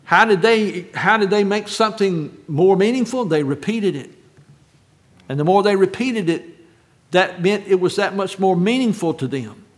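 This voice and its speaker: A man delivers a sermon in a somewhat high voice. He climbs to loud, emphatic repetition, then sinks back to a hushed, deliberate reading of scripture. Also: lively intonation. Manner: builds to shouted quotes, then drops to hushed reading. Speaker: preacher.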